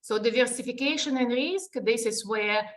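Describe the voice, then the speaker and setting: A woman's voice: fairly high pitch, normal speed. A woman with a Russian accent, a native Russian speaker, presenting a live webinar and explaining step by step with frequent restarts and fillers.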